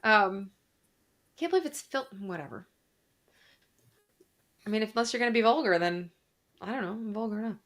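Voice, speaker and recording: Bright-voiced woman doctor chatting on a livestream. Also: medium pitch, expressive, normal speed, long pauses. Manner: chatty, reads viewer comments aloud, mild swearing. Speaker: doctor hosting a live Q&A. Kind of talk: casual livestream chat. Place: Arizona.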